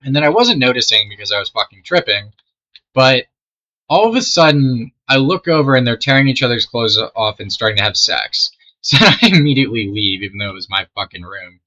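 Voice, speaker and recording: Rambling young man with a very bright voice. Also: mid-range voice, animated, brisk. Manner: rambling, swearing, trailing off mid-sentence. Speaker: storytelling gamer. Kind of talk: casual storytime while playing a game. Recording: dull lo-fi mic.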